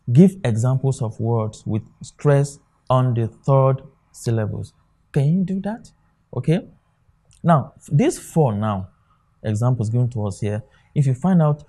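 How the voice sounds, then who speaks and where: Man tutoring in a mellow voice. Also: medium pitch. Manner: repeats "okay" often, points at a board. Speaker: exam tutor. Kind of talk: classroom lecture.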